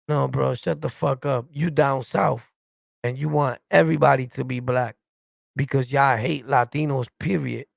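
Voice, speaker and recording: Gravelly New York man ranting. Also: medium pitch, steady tone, unhurried, no echo. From New York City. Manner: blunt, confrontational, profane, repeats "you get it?". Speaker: streamer reacting and answering live chat. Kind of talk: heated livestream rant.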